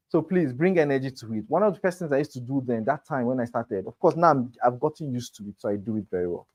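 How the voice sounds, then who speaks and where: A man's voice: mid-range voice, expressive, a little fast, darkish tone. A man teaching a sales class, emphatic and talking straight to his students. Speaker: real estate sales trainer. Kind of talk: motivational class lecture.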